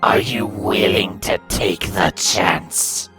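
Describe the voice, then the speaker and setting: A man's voice: deep voice, takes it slowly, bright, forceful tone, soft background music, full character voice. A man voicing a cruel, taunting inner voice. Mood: menacing. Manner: taunting, accusing, sneering. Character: sinister inner voice, male, mocking and cruel.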